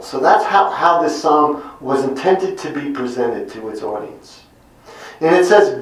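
Slow, echoey middle-aged male preacher. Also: mid-range voice. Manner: deliberate, lingers on single emphatic words. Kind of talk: slow Bible teaching sermon. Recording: very echoey room, mic at a distance.

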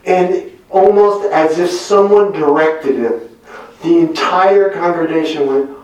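A man's voice: on the high side, slow, a little mellow. A middle-aged man telling a personal testimony in a church, earnest and with wry self-deprecating humor. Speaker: church speaker giving a testimony. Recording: very echoey room, mic far off.

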